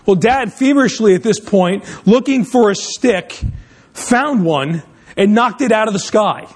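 A pastor preaching, opening with a lively illustrative story before turning to his sermon topic. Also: sits high, unhurried, husky. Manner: animated storyteller, speeds up in tense moments.

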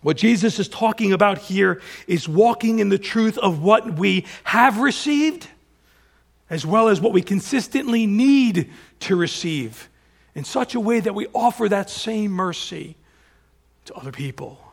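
A man's voice: high-pitched, animated, measured pace, gravelly. A man preaching a sermon, retelling scripture with plain asides and light humor, rising and dropping in volume as he drives points home. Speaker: pastor.

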